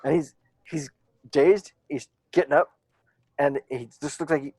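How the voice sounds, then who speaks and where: A man running a tabletop game as game master, narrating in a relaxed, halting way with lots of fillers. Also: a little high, breathy edge, no echo.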